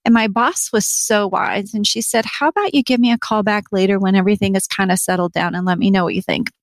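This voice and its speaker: A woman's voice: mid-range voice, fast, no room sound. A middle-aged woman telling a personal story in an interview, earnest, acting out what people said. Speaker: interview guest.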